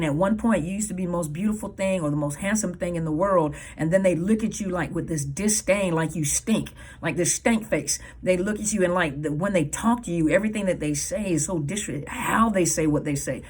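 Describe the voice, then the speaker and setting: Husky, earnest woman giving advice. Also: lowish voice, a little fast, few pauses. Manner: earnest, emphatic, repeats key points. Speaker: counselor and coach. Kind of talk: advice talk to viewers.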